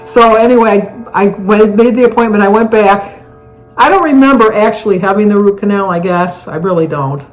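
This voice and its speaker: A woman's voice: medium pitch, fairly quick, soft background music, low-quality recording. A woman in her seventies answering viewer questions in a casual chat, telling rambling stories and laughing through them. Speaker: co-host.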